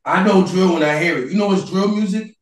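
A man, a guest in a casual interview, arguing loudly and profanely and often shouting. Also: high voice, fairly quick, recorded from a distance. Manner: loud, animated, profane, argumentative, often shouting. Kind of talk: heated casual debate. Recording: echoey room.

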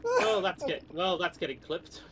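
A man playing games with a friend on a casual stream, excitable and prone to yelling at the game. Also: sits high, unhurried, gravelly, slight background noise. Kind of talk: casual gaming stream chat.

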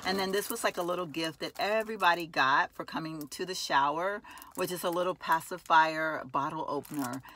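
A woman's voice: low-pitched, fairly quick, sharp tone. A woman chatting casually to her viewers while vlogging from her car, calling them y'all. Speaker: lifestyle vlogger. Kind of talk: casual vlog chat. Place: inside a car.

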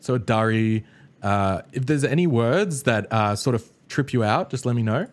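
A man's voice: medium pitch, lively intonation, normal speed. A young man with an Australian accent hosting a reaction video in casual chat, talking chattily and stumbling over his words.

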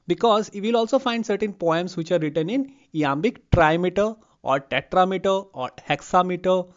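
A male teacher explains a lesson on a lapel mic. He sounds a little higher than most men, and the recording is slightly dull and lo-fi. He repeats example words aloud and checks in with an okay. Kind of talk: explaining a lecture. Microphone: lavalier.

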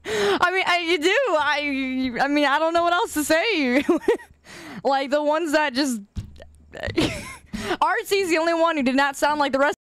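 A woman's voice: high-pitched, a little slow, a bit bright, no room sound. A woman streamer chatting casually with her viewers, teasing and laughing often.

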